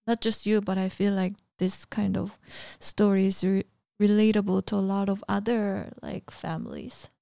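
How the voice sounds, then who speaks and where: A woman in casual conversation, chatty and quick to finish her partner's sentences. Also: mid-range voice, fairly even intonation, vocal fry, mellow, no echo, clean studio sound. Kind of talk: casual chat.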